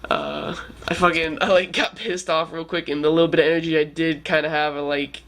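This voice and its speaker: A man's voice: on the high side, lively intonation, fairly quick, fairly bright tone. A man in his twenties telling a story to camera in a rambling, casual way, with lots of "like" and swearing. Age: 20s. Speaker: vlogger.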